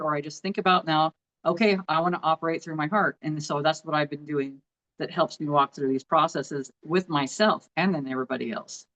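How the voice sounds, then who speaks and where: A woman's voice: deep voice, fairly bright tone, highs cut off. A middle-aged woman co-hosting a casual chat about grief, speaking earnestly and sharing heartfelt advice. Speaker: podcast co-host.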